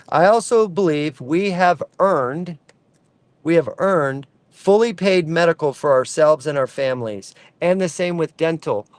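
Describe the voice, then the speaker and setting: A man's voice: high voice, dry recording. A man speaking as an advocate for truck drivers, in an impassioned direct-to-camera rant, fervent and preachy, repeating lines for emphasis.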